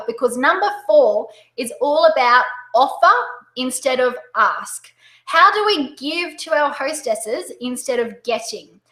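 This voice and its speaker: An Australian woman presenting a sales-coaching webinar, upbeat and excitable, talking fast. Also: high voice, reverberant, poor audio.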